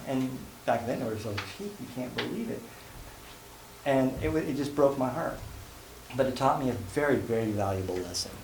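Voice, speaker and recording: A man gives a sales seminar live at a conference, speaking in an expressive mid-range voice at a normal speed. His folksy stories poke fun at himself and come with jokes. Faint room noise and an echoey hall sound surround him.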